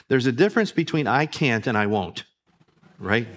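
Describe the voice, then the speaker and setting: Emphatic preaching man, loud and soft. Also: mid-range voice, lively intonation, a little fast. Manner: emphatic preaching, swings between loud declarations and quiet asides. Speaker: pastor. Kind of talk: sermon.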